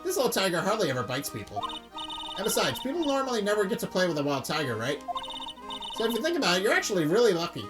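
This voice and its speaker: A woman voicing a bubbly, carefree young female circus animal tamer in a game playthrough, with a chirpy, giggly, high-pitched delivery. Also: wildly swooping pitch, fast, over music. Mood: teasing.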